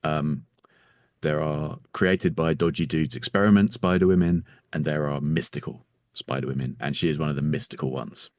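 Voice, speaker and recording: A man's voice: very deep voice, steady tone, moderate pace, darkish tone, dry recording, studio quality. A man co-hosting a podcast, explaining things in a matter-of-fact way and agreeing often. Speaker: podcast co-host. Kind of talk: casual comedic chat.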